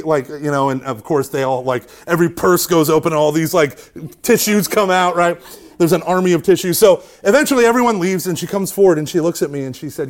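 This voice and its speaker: A man in his thirties, a Catholic speaker, giving a joking, animated storytelling talk to an audience. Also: on the high side, brisk. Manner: animated, joking, self-deprecating.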